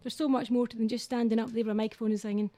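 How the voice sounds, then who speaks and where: Scottish woman singer on radio, chatty, laughs a lot, mellowish high voice. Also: flat delivery, rapid-fire, warm tone, no room sound. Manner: chatty, laughs often, self-mocking. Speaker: singer and entertainer, guest. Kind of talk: casual radio interview.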